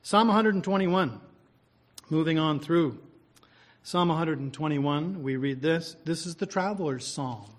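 A man's voice: a little high, unhurried. A man preaching a sermon, reading scripture, praying and asking the listeners rhetorical questions in an earnest, conversational way.

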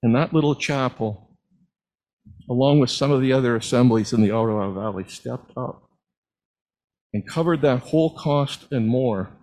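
A man's voice: mid-range voice, normal speed, pauses often, darkish tone, rough recording. A middle-aged man preaching, telling personal stories as testimony in an earnest, heartfelt way. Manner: earnest storytelling, at times moved to tears.

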